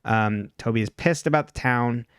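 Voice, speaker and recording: Give me a mid-pitched man co-hosting a podcast, talking loosely and quickly through a TV recap. He fills his speech with "like" and "um" and laughs often. The recording is dry and close, with no room echo. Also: fairly bright tone, clean tone. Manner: chatty, heavy on "like" and "um", laughs often. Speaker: podcast co-host. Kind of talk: casual episode recap.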